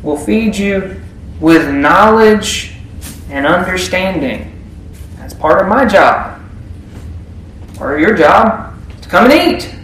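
A man with a high voice delivers a sermon to his congregation. He keeps it conversational and keeps asking them questions. His words ring through a very echoey church with a faint hiss behind them. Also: lively intonation, takes it slowly, long pauses, fairly bright tone, recorded from a distance. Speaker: preacher. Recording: very echoey room.

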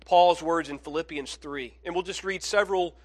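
A man preaching a sermon as a pastor, earnest, swinging between hushed phrases and emphatic ones. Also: on the high side, normal speed.

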